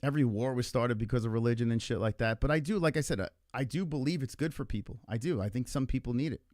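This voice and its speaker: A man's voice: mid-range voice, quick pace, darkish tone, no echo, studio quality. A young man hosting a casual livestream chat, rambling and exasperated, swearing often as he asks why everyone gets so angry. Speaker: podcast host.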